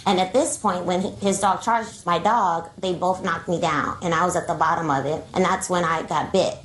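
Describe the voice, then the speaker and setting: Low-voiced woman plaintiff, echoey courtroom. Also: steady tone. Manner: rushed, breathless retelling with many "like"s. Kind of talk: testimony in a courtroom. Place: television courtroom. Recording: echoey courtroom with faint noise.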